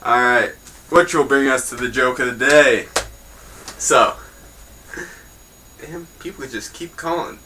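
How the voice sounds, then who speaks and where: Young male host, bright tone, offhand crude jokes, casual mock newscast. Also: medium pitch, slow, long pauses, a little hiss or hum, poor audio. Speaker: host of a homemade news show.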